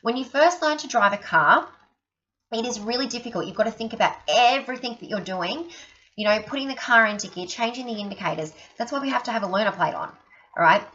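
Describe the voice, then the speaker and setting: A woman's voice: a little high, animated, fast, sharp tone. A woman giving a chatty training talk to fellow sales consultants, acting out the people in her stories. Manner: chatty storyteller, acts out quotes, many "okay?" asides. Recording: dull lo-fi recording.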